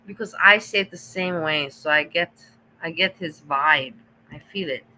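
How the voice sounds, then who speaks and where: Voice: medium pitch, normal speed, bright, forceful tone, rough recording. A stream host chatting casually and reacting to clips, exasperated and mocking.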